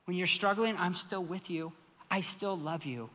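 Man preaching a sermon, squeaky bright tone, lively questions, in a reverberant hall. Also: normal speed. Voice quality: self-described squeaky voice. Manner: conversational, emphatic preaching with rhetorical questions. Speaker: pastor.

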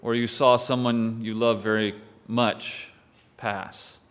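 A man's voice: mid-range voice, little pitch movement, takes it slowly, a bit bright. A male pastor preaching a sermon in a conversational way, with wry asides to the congregation.

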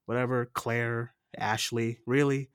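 A man co-hosting a film podcast in casual chat, animated and swearing, acting out movie lines between bursts of laughter. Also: mid-range voice, unhurried, clear, resonant tone, dry recording, studio quality. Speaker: podcast co-host.

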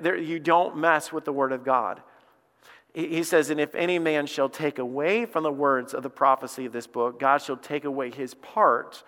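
A male pastor preaches with passionate emphasis, often stumbling over repeated words as he builds. His voice sits a little high for a man. The sermon rings out in a church hall with a long reverb tail. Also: a bit bright.

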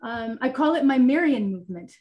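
A woman with a fairly high voice tells her personal faith story on a webinar. She speaks earnestly and candidly, with many fillers, over a video call. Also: animated, fairly quick, highs cut off. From Italian heritage. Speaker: guest sharing her testimony.

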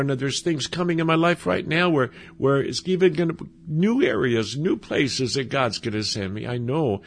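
A man preaching a sermon with passion, repeating phrases and swinging from loud cries to low, quiet lines. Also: creaky, a little hiss or hum. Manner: impassioned, rising to cries and dropping low; repeats phrases, small restarts.

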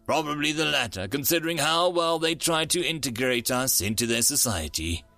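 Male story narrator, sci-fi reading, lively pitch, gravelly texture, faint music behind. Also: moderate pace, no room sound.

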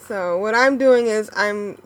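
A woman co-hosting a gaming podcast in casual chat, bubbly and excitable, laughing often. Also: medium pitch, takes it slowly. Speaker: podcast co-host.

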